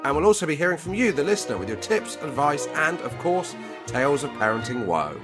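A man's voice: on the high side, sing-song, fairly quick, over music. A man co-hosting a comedy podcast, teasing his co-host with dry banter and reading out listener messages. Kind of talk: casual comedic chat.

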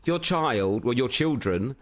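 A man co-hosting a podcast, asking curious, quick follow-up questions in casual chat. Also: mid-range voice, expressive, a bit bright. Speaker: podcast co-host.

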